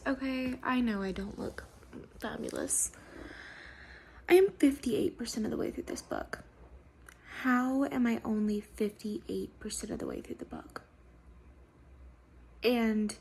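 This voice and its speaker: A book reviewer with a slightly high voice and darkish tone chats casually in a video blog about the books she's reading. She gushes emotionally and uses many fillers.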